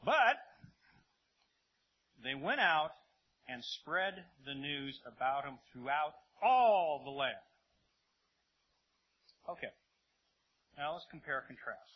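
A man teaching a Bible lesson to a congregation in an animated, conversational way, checking in with his listeners often. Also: on the high side, slow, pauses often, breathy edge. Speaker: preacher. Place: room with a congregation. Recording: dull lo-fi audio, faint hiss.

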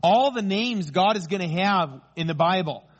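Male pastor, fairly high voice, emphatic sermon delivery that lingers on key phrases. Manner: emphatic, slows down for key phrases, rises in pitch when excited.

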